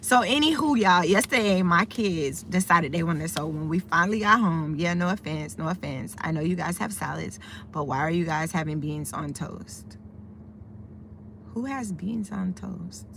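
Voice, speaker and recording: A talkative middle-aged woman from the United States streams live from her car outside a store, greeting her chat and wandering from story to story. Her voice sits fairly low and has a gravelly edge. Faint background noise hums under the recording. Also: expressive, moderate pace, fairly bright tone. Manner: chatty, easily sidetracked, greets viewers by name.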